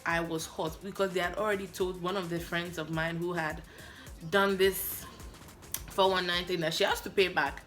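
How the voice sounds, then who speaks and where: A woman from Africa telling a story in a lively vlog, acting out both sides of her phone calls. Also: lowish voice, normal speed, over music. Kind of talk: animated story-time vlog.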